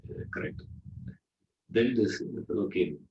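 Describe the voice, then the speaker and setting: A man's voice: on the low side, lively intonation, a little slow. Indian man telling stories in a discourse. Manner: conversational storytelling, frequent "you know". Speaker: spiritual teacher. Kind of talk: spiritual discourse. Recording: roomy, dull lo-fi sound.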